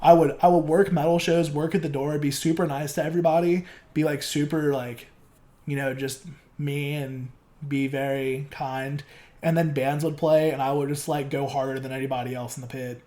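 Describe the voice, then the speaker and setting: A man's voice: a little high, fairly even intonation, normal speed, dark tone. A young man talking casually as a podcast guest, rambling and filling his speech with "like". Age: young adult. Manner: rambling, loaded with fillers like "like" and swearing. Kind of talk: casual chat.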